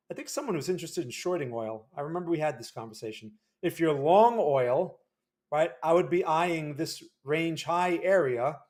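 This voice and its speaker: A man with a fairly high-pitched voice walks through market charts on a livestream. His delivery is loose and conversational, and he keeps checking in with viewers through quick tag questions. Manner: casual, frequent tag questions. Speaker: market analyst host.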